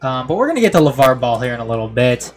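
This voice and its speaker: Nasally midwestern dude hosting a sports show, easygoing, pokes fun at himself, bit of hiss in the background. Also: male voice, mid-range voice, big pitch swings, fast talker. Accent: Midwestern American. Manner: laid-back, self-mocking, reads headlines. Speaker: sports podcast host. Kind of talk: casual sports talk.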